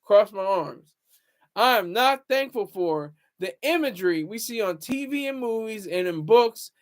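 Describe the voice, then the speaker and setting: Man, high voice, casual livestream chat, rambling, answers viewers. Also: expressive, a little slow. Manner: rambling, talks back to viewer comments. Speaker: livestream host.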